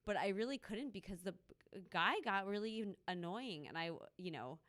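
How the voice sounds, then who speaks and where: A woman's voice: medium pitch, expressive, moderate pace, a bit bright. A woman co-hosting a podcast, chatting casually and laughing often as she rambles through anecdotes. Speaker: podcast co-host. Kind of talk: casual chat. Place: live show in a loft venue.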